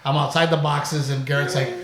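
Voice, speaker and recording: A middle-aged man hosting a podcast in casual chat, animated and quick to laugh, with the odd curse. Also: on the high side, creaky, a crowd in the background. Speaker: podcast host. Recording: roomy echo.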